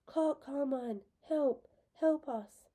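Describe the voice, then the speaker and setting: A woman's voice: mid-range voice, steady tone, normal speed, mellow, natural voice. A woman reading a desperate young man in love. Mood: frantic. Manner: pleading, urgent, emotional.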